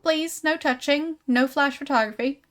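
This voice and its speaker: A woman reading aloud and voicing a smooth-talking male showman who hawks a fake mummy in a game, with grand salesman patter. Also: sits high, normal speed, fairly bright tone. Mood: showman pitch.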